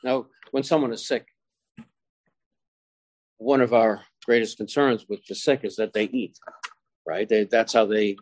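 A man preaching a sermon to his congregation, slowing down and stressing key phrases as he quotes scripture. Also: medium pitch, dry recording.

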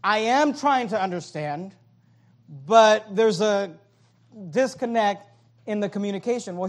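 Man, pastor, preaching a sermon, high voice, animated, joking asides. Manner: preaches with numbered points.

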